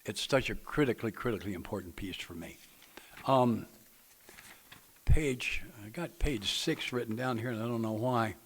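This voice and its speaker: A man talks a group through a book study. His delivery is plainspoken and folksy, with a joking edge. His pitch sits in the middle range. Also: moderate pace, slight background noise. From Nashville, Tennessee. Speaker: recovery meeting speaker leading a book study. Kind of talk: speaker-meeting talk to a group.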